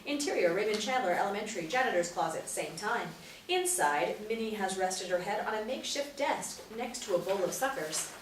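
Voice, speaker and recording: A woman reads the stage directions of a TV pilot aloud in a steady, matter-of-fact way. She sounds far from the mic in an echoey room with faint noise behind. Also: medium pitch, brisk. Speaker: narrator. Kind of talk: reading stage directions at a table read. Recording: roomy, distant mic.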